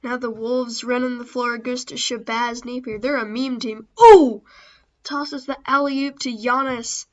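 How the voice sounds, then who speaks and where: Flat-toned woman calling video game play-by-play. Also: on the high side, measured pace, few pauses, dull audio. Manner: steady, understated play-by-play with self-deprecating asides. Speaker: gaming channel host. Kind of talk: casual play-by-play game commentary.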